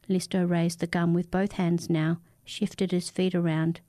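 A woman reading a dark fiction story aloud in a steady, measured narration. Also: fairly low pitch, no room sound.

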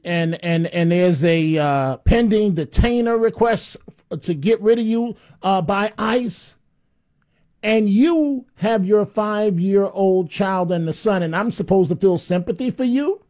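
Blunt high-voiced talk radio host. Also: male voice, a little mellow. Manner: blunt, mocking, repeats himself.

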